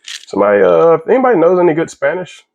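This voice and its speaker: A man's voice: sits high, fast talker, vocal fry, a little mellow, lo-fi sound. A young man in his kitchen, chatting casually and rambling with jokes as he cooks. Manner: rambling, jokey, easily sidetracked. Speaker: vlogger. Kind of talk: casual cooking vlog. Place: home kitchen.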